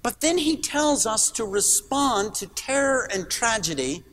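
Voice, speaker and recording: A man's voice: very high-pitched, sing-song, unhurried, fairly bright tone, long reverb tail. A middle-aged man preaching a sermon in a church, earnest and emphatic, posing rhetorical questions. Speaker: pastor.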